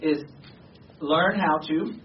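A man's voice: a little high, slow. A man preaching a sermon, talking casually at first and then urging his listeners with rising passion. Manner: conversational, emphatic, rising to passionate exhortation. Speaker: pastor. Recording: distant, echoey, dull sound with faint noise.

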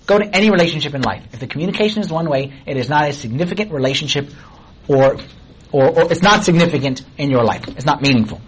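Husky, high-voiced preacher man. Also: quick pace, low-quality recording. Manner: animated, conversational preaching with rhetorical questions. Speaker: pastor. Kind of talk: sermon.

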